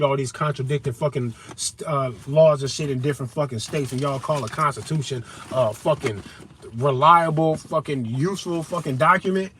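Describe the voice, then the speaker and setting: A man's voice: fairly high pitch, a little hiss or hum. A man in an unscripted monologue, talking straight at his listeners in a profane, confrontational, heated way. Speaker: vlogger.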